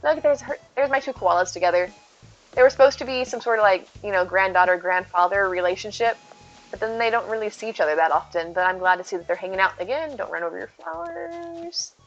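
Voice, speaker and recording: A woman's voice: medium pitch, fast talker. Chatty woman streamer, slightly muffled. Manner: chatty, thinks aloud, answers chat. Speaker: game streamer. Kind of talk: casual live-stream chat while gaming. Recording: slightly muffled with faint game music.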